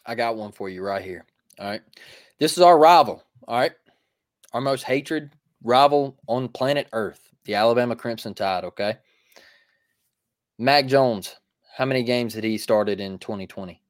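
A man co-hosting a sports talk show in a casual, emphatic manner, repeating his points to calm the listeners down. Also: mid-range voice, moderate pace, no echo, studio quality. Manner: emphatic, preachy, repeats phrases. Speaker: podcast co-host.

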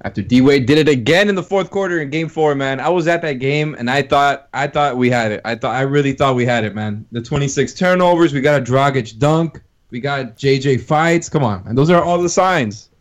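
A man's voice: medium pitch, a little fast, hardly any pauses. Podcast co-host guy, chill, kinda wistful. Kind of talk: casual podcast chat.

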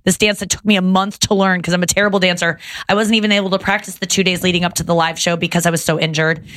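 A woman in her thirties chatting as a podcast guest, rushing through animated stories. Her voice sits slightly low, and she swears freely as she talks. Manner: animated storytelling with frequent swearing. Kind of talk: casual podcast chat.

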